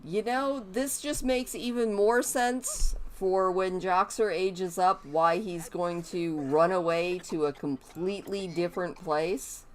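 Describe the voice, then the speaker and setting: A woman's voice: fairly low pitch, steady tone, slow pace, hardly any pauses, slight background noise. A woman streaming a life-sim game, chatting as she plays and talking to her characters. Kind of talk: live gameplay commentary.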